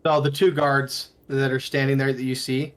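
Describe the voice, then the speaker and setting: A man running a tabletop game as game master, narrating in a loose, halting way with frequent restarts, over voice chat from home. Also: medium pitch, flat delivery.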